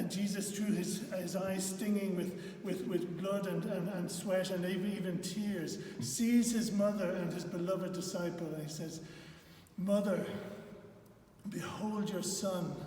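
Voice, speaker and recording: A man slowly retelling a scripture story in an earnest, halting way, often repeating words. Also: high voice, warm tone. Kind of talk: spoken Bible retelling. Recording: echoey hall from far off.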